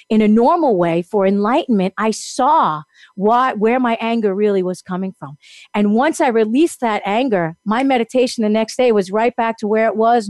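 A woman telling a long personal story in casual chat, animated and laughing often as she acts out what people said. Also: fairly high pitch, dry recording, studio quality. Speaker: guest.

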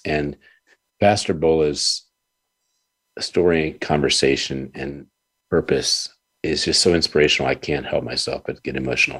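Very deep-voiced man hosting a talk show. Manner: earnest, halting, repeats words. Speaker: radio show host.

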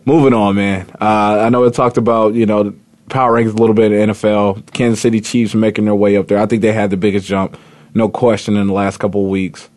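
A man's voice: lowish voice, level tone, fast, darkish tone, dry recording. A man hosting a sports talk radio show, chatting casually and rambling with lots of fillers and restarts. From Indiana.

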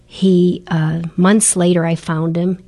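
A middle-aged woman tells her stories as an interview guest, earnest and animated. Her voice sits a little low. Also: slow pace. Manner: earnest and animated, laughs while telling stories. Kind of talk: storytelling interview chat.

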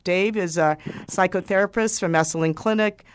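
Expressive woman talk radio host. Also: fairly low pitch, moderate pace, clean tone, no room sound, studio quality. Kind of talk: radio talk show conversation.

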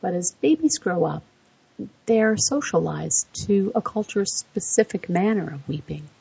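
A woman narrating an explanatory voice-over, measured and setting out facts point by point. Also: medium pitch, expressive, vocal fry, dark tone, husky, no echo. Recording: dull lo-fi dry recording.

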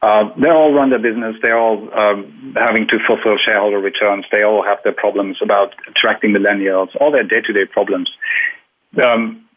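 Low husky guy hosting a radio interview, phone-line sound, halting questions. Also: steady tone. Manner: attentive, many short assents, halting questions.

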